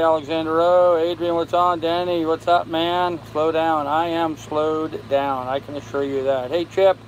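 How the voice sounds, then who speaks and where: An older man hosting a casual live stream from his boat, tired and unhurried, greeting viewers by name as he reads their comments. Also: fairly high pitch, a little mellow, rough recording. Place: on a sailboat with air conditioning and fan running. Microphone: phone. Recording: faint fan and air-conditioner hum behind.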